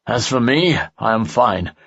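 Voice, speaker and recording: Man doing calm male elf fighter, dry and steady, husky, dull audiobook sound. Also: mid-range voice, measured pace, no room sound, exaggerated voice.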